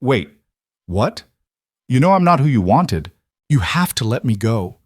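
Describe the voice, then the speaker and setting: A man's voice: on the low side, very animated, moderate pace, darkish tone, dry recording. A panicked young woman pleads and stammers in a raised, strained voice, as a male narrator puts her on. The recording is dry and close, with no room sound. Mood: pleading, frightened. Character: terrified young woman graduate student, pleading.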